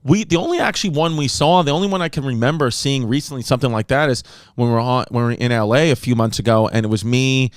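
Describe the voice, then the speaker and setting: A man in his thirties co-hosting a casual podcast, telling stories in an animated, rambling way on a close microphone. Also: mid-range voice, fast, no room sound. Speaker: podcast co-host.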